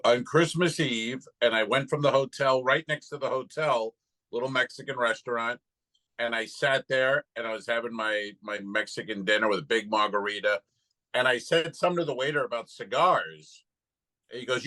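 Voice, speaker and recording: Male podcast co-host, bright tone, relaxed profane storyteller. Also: mid-range voice, normal speed, low-quality recording. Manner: loose, profane storytelling with acted-out quotes. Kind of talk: casual comedic chat.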